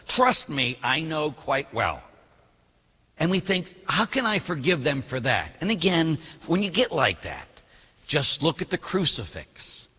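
Priest giving a sermon, really animated, husky voice, big echoey church. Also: male voice, on the high side. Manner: animated preaching, acts out voices in the story. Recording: long reverb of a large hall.

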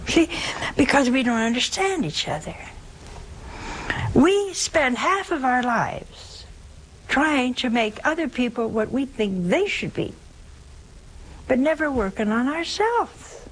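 An older woman, a nun, giving an informal sermon in a deliberate, storytelling manner, acting out the people in her stories. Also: high-pitched, big pitch swings, a little hiss or hum, low-quality recording. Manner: slow, deliberate, storytelling, does voices. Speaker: nun, religious teacher.

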